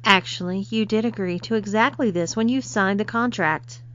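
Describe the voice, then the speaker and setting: A woman's voice: mid-range voice, moderate pace, a bit bright, lightly acted. Woman voicing a stern, imperious lady of the house. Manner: imperious, cool. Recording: slightly dull lo-fi recording.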